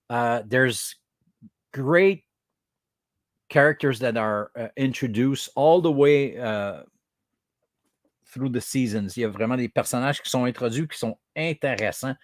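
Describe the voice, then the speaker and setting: Lively Québécois man chatting on a podcast. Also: mid-range voice, a little slow, dry recording, clean studio sound. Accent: Québécois French. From Quebec. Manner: animated, switches between English and French, many fillers and restarts; mimics other accents in bursts. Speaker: podcast host. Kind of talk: casual podcast chat.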